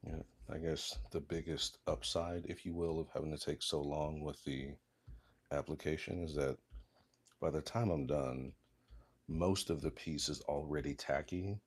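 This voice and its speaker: A man's voice: very deep voice, fairly even intonation, unhurried, husky. A man chatting casually and jokingly while working on leather crafts. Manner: joking, rambling, self-deprecating. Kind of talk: casual workshop chat.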